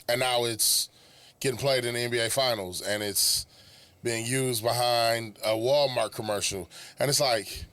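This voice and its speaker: A man's voice: medium pitch, unhurried, fairly bright tone, no echo. A man co-hosting a podcast, riffing loosely in casual chat with profane slang. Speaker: podcast co-host.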